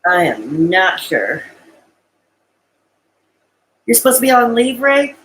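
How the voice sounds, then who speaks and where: A woman's voice: medium pitch, huge pitch swings, takes it slowly, a bit bright, a little hiss or hum, low-quality recording. A woman on a live stream, talking to her chat in a rambling, distraught way, tearful at times, with bitter laughs between thoughts. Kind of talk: emotional live-stream monologue.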